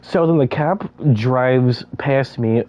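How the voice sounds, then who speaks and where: A man's voice: medium pitch, slow pace, darkish tone, dull audio. A young man casually telling a story while gaming, stuttering and repeating sounds, laughing as he goes.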